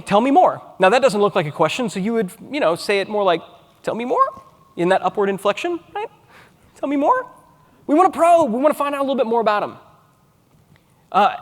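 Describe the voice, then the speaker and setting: A man with a fairly high voice delivers a conference keynote. He speaks in an animated way and acts out example chat messages with a bright upward inflection. The sound carries the long reverb of a large hall.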